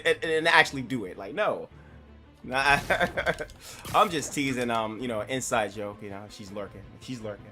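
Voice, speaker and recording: A man's voice: medium pitch, normal speed, pushed and bright. Young new guy streaming games, rambly n cussing, game music going behind him. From New York. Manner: rambling, profane, laughs at himself. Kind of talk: casual live-stream chatter.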